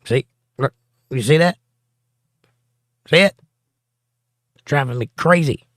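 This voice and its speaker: A man hosts a relaxed livestream, reading out chat messages and tossing back quick wisecracks. His voice sits at an ordinary middle pitch. The sound is dry and close, picked up by a desk mic in a small home room. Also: dry recording.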